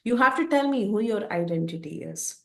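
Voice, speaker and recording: A woman's voice: mid-range voice, animated, brisk, vocal fry, reverberant. A woman voicing a huge, ferocious male demon who boasts and threatens in a raised, commanding voice. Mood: menacing, boastful.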